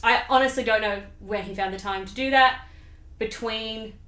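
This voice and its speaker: A woman's voice: on the high side, normal speed, a bit bright. A woman hosting a comedic summary of a play, chatty and sarcastic, with rambling asides. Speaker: video host. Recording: roomy echo.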